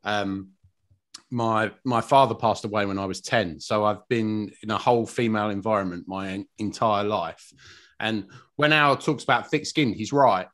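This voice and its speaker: A man's voice: lowish voice, normal speed, a bit bright. A man, a guest on a podcast, talking in a blunt, rambling way in casual chat.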